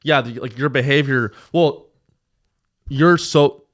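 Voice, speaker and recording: Male podcast host, sarcastic, rambling, profane, average pitch. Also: takes it slowly, a bit bright. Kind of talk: casual chat.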